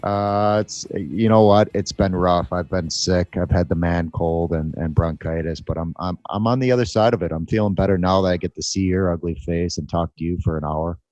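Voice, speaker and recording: A male podcast co-host with a very deep voice. He jokes around, speaks his mind and laughs easily. He is recorded close and dry. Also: fairly even intonation, brisk, hardly any pauses, a little mellow, no room sound, lo-fi sound. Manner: joking, opinionated, laughs easily. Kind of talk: casual chat.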